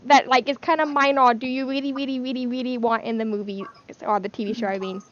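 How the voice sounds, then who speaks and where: A woman's voice: sits high, steady tone, quick pace, a little hiss or hum. Young woman running a video call panel, chatty, kinda muffled sound. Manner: chatty, asks the questions. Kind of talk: casual group video call chat.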